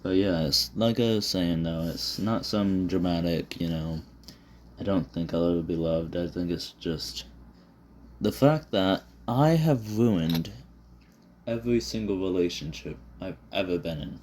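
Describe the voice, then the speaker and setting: With lively intonation, a slightly slow pace, and a little mellowness, a man with a very deep voice chats while drawing on camera, filmed by a phone on his desk. He rambles, swears, fills gaps with fillers, and mocks himself, over a faint hiss.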